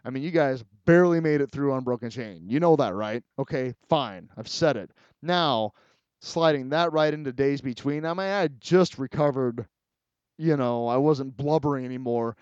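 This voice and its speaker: A man's voice: mid-range voice, moderate pace, darkish tone, smooth, dry recording, highs cut off. Rambling, emotional middle-aged man podcasting. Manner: rambling, emotional, swears freely, talks straight to listeners. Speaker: podcast host. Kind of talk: casual solo podcast talk.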